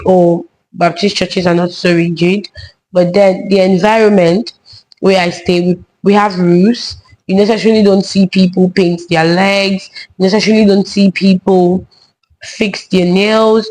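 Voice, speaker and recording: A woman's voice: mid-range voice, steady tone, moderate pace, a little mellow, slight background noise, poor audio. A young woman, talking in a casual vlog monologue and often checking in with "right?" tag questions. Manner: chatty, frequent tag questions. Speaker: vlogger and children's church teacher.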